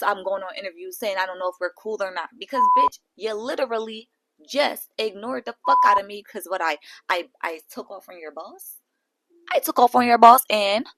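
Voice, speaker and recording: A woman's voice: medium pitch, pushed and bright, low-quality recording. A woman voicing a defensive young woman airing her grievances and snapping back. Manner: complaining, then snapping back.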